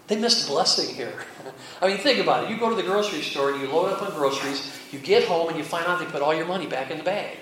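A pastor gives a conversational Bible lesson, folksy and chuckling, repeatedly checking in with his listeners. His voice is a little high, with lively intonation and a fast pace, and a fairly bright tone. The recording comes from a very echoey hall with the mic far off and faint hiss.

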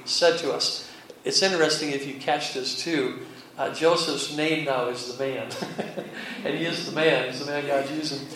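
The fairly bright, higher-pitched voice here is a pastor's, leading an informal Bible lesson with chuckles and frequent check-ins with those listening. It's a folksy delivery, captured with a far-off mic in a very echoey hall, with faint hiss.

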